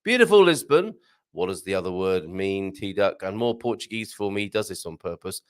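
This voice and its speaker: Man, easygoing live-stream host, animated delivery, reads chat aloud. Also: deep voice, clear, resonant tone. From Britain. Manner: chatty, rambling, chuckles often, reads comments aloud, tries Portuguese phrases slowly. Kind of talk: casual live-stream chat reading viewer comments. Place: home studio with green screen.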